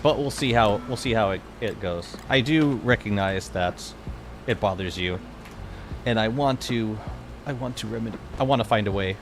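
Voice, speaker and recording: A man in his thirties streaming a game, chatting casually and excitably with many restarts. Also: lowish voice, normal speed, over music. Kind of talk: casual live-stream chat.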